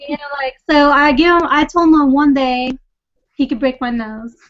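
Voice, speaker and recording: A Pakistani woman appears as a podcast guest, telling casual stories in a rambling, giggly way packed with fillers. Her voice is high-pitched and moves at a moderate pace. The recording is dry and lo-fi, with a dull room sound.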